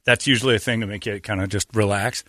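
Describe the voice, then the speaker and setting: A man holds the floor in a casual podcast chat, spinning an animated story and jumping into the voices of everyone in it. His tone is bright and forward, and the recording is close and dry. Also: on the low side, quick pace, no room sound. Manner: animated storyteller who acts out dialogue.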